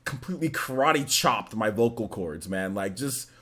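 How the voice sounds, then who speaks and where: Lively, bright-voiced man in his thirties. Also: on the low side. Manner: animated, laughs often, drawn-out filler words. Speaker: gaming show host. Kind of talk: casual streamed chat.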